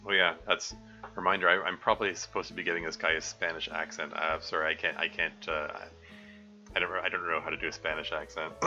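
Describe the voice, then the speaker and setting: A man streaming a visual novel live, reading and rambling in a hesitant way with lots of throat-clearing. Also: low voice, little pitch movement, fast, bright, forceful tone. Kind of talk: live let's play with commentary. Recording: slightly dull lo-fi audio. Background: faint guitar music.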